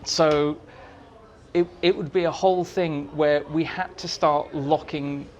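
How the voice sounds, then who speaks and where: A man's voice: on the high side, slow. A man guest at a fan society meeting, telling stories and acting out quotes in voices. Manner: animated, acts out quotes in voices. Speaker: interview guest, writer. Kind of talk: anecdotal storytelling.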